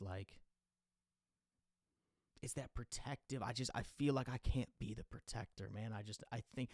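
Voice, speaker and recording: A young man muses aloud on a casual podcast, looping back with "you know" and "like" and rising into exasperated bursts. His voice sits at an ordinary middle pitch. The sound is close and dry, with no room echo. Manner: rambling, confessional, full of fillers and restarts; goes loud and exasperated when ranting. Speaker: podcast host. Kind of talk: casual monologue.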